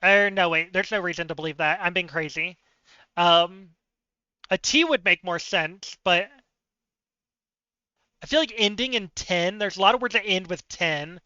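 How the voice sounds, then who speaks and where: A man's voice: sits high, normal speed, pauses often, bright, forceful tone, clean tone, dry recording, highs cut off. A man streaming live word games, thinking aloud, chatting with viewers and poking fun at himself.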